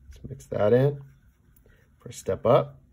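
A man giving a casual painting demonstration, chatting as he mixes paint, often checking in with "okay?" and trailing off softly mid-task. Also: mid-range voice, unhurried, vocal fry, breathy edge. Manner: talks while mixing paint, trailing off softly. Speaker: painting instructor.

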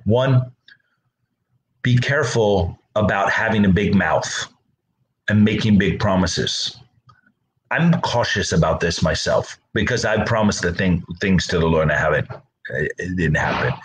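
A man's voice: on the low side, a little hiss or hum, low-quality recording. A middle-aged man pastor giving a casual Bible talk, conversational, often repeating words and acting out the people he quotes.

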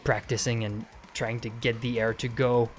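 Brief: young man, casual tutorial talk, mid pitch, faint music behind. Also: little pitch movement, moderate pace. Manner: explains with many fillers and "okay?" check-ins. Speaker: vocal tutorial creator.

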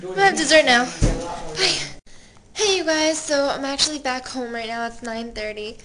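A woman's voice: high-pitched, moderate pace, fairly bright tone, a little hiss or hum. A young woman vlogging casually from her family's home, chatty and giggly with lots of fillers. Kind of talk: casual vlog chat.

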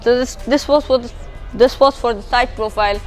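A woman's voice: fairly high pitch, fairly quick, faint music behind. A woman with a Bangladeshi English accent giving a casual walkaround car review outdoors, explaining features as she points them out, her voice drifting from the camera mic as she moves. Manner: chatty, explanatory, points things out as she goes. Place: outdoors beside a parked car.

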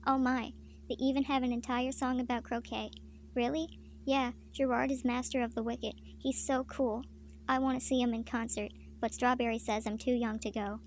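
Bratty emo girl, read by a woman, snippy, gravelly fry. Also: fairly high pitch, flat delivery, moderate pace, slight background noise, natural voice.

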